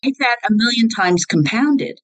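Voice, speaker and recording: A woman hosting a podcast interview, engaged and reacting with quick interjections. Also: a little high, expressive, dry recording, rough recording. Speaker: podcast host. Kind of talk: conversational interview.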